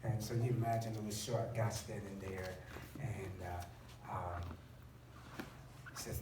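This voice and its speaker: A man preaching a story, laughing often and rising to shouts. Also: fairly low pitch, fairly even intonation, normal speed, long pauses, noisy background. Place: church. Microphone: far camera. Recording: echoey church from far off, loud congregation.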